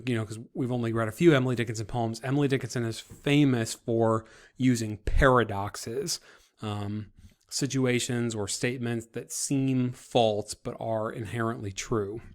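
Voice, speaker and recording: A man teaching a class and explaining a group project to his students, talking in a relaxed, conversational way. His voice sits at an ordinary middle pitch for a man, and he often restarts his sentences and fills pauses with small hesitations. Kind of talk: classroom instruction video. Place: recorded for an online class.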